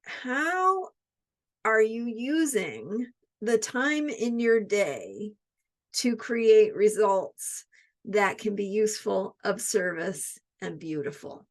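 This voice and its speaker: Slow-talking woman teaching astrology. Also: medium pitch. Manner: repeats questions, many fillers and "right?". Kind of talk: reflective spoken teaching.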